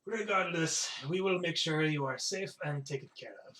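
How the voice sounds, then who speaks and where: Genial bearded village chief with wares to sell, played by a man, fairly high voice. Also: moderate pace, bright, forceful tone. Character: bearded male village leader hawking wares.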